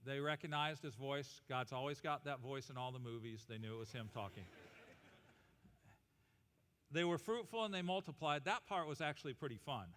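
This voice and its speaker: A male pastor preaching an animated, humorous sermon and leading the congregation in call-and-response. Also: mid-range voice, moderate pace. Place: church auditorium. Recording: reverberant church hall.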